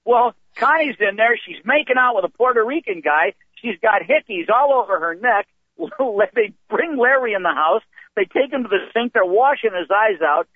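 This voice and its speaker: An older man tells long, rambling stories with an animated, slightly high voice. His voice is dry and close, squeezed through a tinny phone line. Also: moderate pace, dry recording. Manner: rambling, animated storytelling with restarts. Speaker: comedian guest. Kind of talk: anecdotal storytelling. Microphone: phone call.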